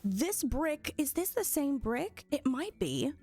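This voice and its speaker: A young woman chatting excitedly with her viewers while streaming a building game. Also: sits high, slow. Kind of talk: casual live-stream commentary.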